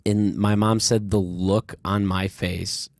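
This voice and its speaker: Low, gravelly-voiced male podcast host. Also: flat delivery, slow pace, darkish tone, dry recording, studio quality. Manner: rambling, candid, swears freely, many fillers. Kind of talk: casual conversational storytelling.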